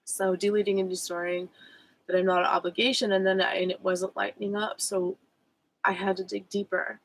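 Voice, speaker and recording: Woman, spiritual coach, vlog, gravelly voice, candid, reflective, filler-heavy. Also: mid-range voice, level tone, brisk, a little hiss or hum, poor audio. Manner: candid, reflective, many fillers and self-corrections. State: emotional. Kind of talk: personal meditation vlog.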